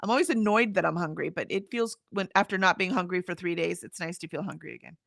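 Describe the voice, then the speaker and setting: A woman with a gravelly, fry-edged voice, talking in relaxed stream chatter as she hosts a writing session. Her sound is close and dry, with no room around it. She drifts between small talk and reading comments aloud. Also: lowish voice, quick pace, dry recording. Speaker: livestream host of writing sprints. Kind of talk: casual chat.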